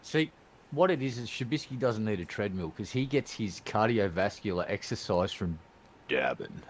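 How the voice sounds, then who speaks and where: A man's voice: fairly low pitch, lively intonation, moderate pace, slight background noise. A man co-hosting a podcast who makes wry jokes in casual banter. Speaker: podcast co-host.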